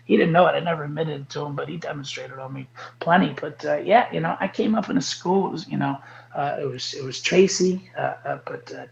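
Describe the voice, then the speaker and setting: A man in his late forties, a guest telling his martial arts stories in a lively, repetitive way. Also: on the high side, creaky, lo-fi sound, slight background noise. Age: 40s. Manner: animated storyteller, repeats phrases for emphasis. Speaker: guest, karate instructor. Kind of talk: casual interview chat.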